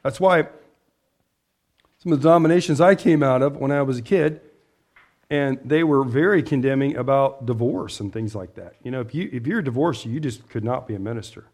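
Speaking a little fast with a darkish tone and medium pitch, this pastor delivers an informal sermon. He reasons aloud with the room, seeks their agreement and keeps clearing his throat.

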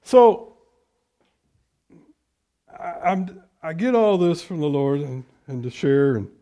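A middle-aged man preaching as a pastor, lifting his voice loud on scripture and dropping to quiet, conversational asides. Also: a little high, animated, takes it slowly, dull audio. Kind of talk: sermon.

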